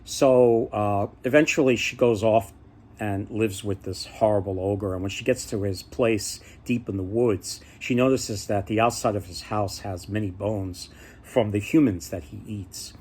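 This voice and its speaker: A man's voice: fairly low pitch, fairly even intonation, unhurried, a little mellow, slightly rough. A man casually retelling folk tales, rambling and often restarting his sentences. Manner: rambling, many fillers and restarts. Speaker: storyteller.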